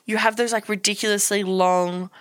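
A woman's voice: medium pitch, steady tone, normal speed, no room sound. A woman co-hosting a podcast, candid and laughing as she tells stories in casual chat. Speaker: podcast co-host.

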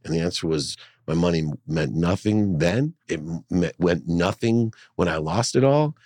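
A middle-aged man, a guest in an interview, telling a personal story in an earnest, animated way. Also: low voice, moderate pace, no room sound, studio quality. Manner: earnest, animated, acts out his mother's voice in dialogue. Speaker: guest, entrepreneur and speaker. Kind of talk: emotional storytelling in a podcast interview.

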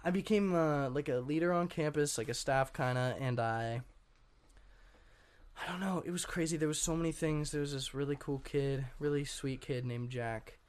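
A young man, a guest on an interview show, telling his story in a rambling, casual way, full of fillers and frequent throat clearing. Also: fairly high pitch, normal speed. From Washington state. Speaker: guest artist.

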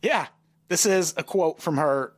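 Guy on a comedy podcast reading the news out loud, wry, kinda high voice. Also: animated, unhurried. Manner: reads out the news story, wry and laughing. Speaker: podcast co-host. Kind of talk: casual comedic chat.

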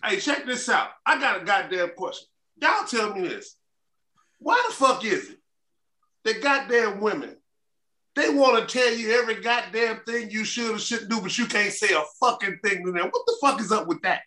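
A man's voice: high voice, animated, normal speed, sharp tone, reverberant. A man co-hosting a podcast, grumpy and heavy on the cursing. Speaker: podcast co-host. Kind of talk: casual chat.

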